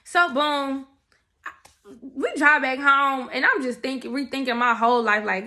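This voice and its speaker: A young woman tells her story in a lively, chatty way, addressing her viewers directly. Her voice is bright and forceful and sits a little high. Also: a little fast. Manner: animated, talks straight to her viewers. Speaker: testimony speaker. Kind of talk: casual storytelling to camera.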